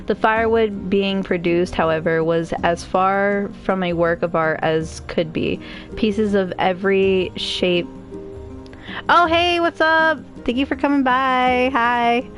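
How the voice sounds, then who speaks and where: A woman's voice: mid-range voice, fairly even intonation, takes it slowly, soft background music. Emotional woman streamer reading a game story. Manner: emotional, chatty asides between narration.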